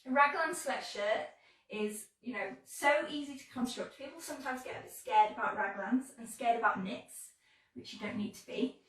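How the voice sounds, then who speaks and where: A chatty, upbeat English woman hosts a live sewing tutorial while a little under the weather. Her voice sits fairly high. She sounds set back from the mic in a very echoey room. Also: normal speed, distant mic. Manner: chatty and upbeat, greets viewers warmly. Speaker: sewing brand ambassador hosting a live stream.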